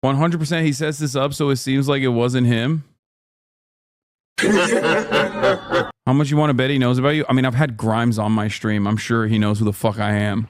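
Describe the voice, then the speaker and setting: A man's voice: medium pitch, steady tone, moderate pace, long pauses, dry recording, studio quality. A man streaming, reacting to clips in blunt casual chat with plenty of swearing.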